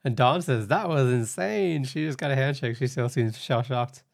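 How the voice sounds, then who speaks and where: A man co-hosting a casual recap podcast, chatty and quick to laugh. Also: mid-range voice, steady tone. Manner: chatty, laughs easily, speaks animatedly. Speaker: podcast co-host.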